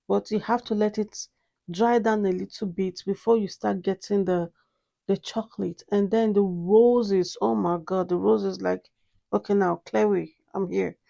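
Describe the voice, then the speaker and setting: A woman's voice: mid-range voice, fairly even intonation, a little slow, vocal fry, dark tone. A woman reviewing a perfume in a casual vlog, gushing and repeating herself with many exclamations. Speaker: fragrance reviewer.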